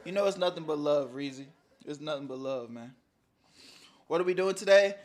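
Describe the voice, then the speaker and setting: A young man hosting a casual livestream, bantering loosely with his chat and swinging between loud calls and mumbled asides. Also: a little high, normal speed. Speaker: streamer.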